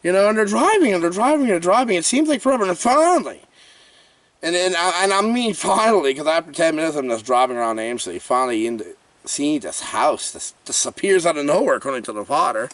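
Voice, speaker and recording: A man's voice: a little high, lively intonation, fast, fairly bright tone, no echo, recorded from a distance. Theatrical, jokey male movie reviewer. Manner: theatrical, jokey, swinging between big cries and mutters. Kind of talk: comedic movie review vlog.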